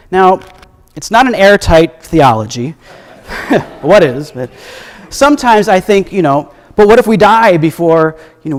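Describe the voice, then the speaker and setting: A man preaching a sermon as minister, reflective and gently humorous, his voice at times dropping soft. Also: fairly high pitch. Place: church sanctuary. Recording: echoey hall with long reverb.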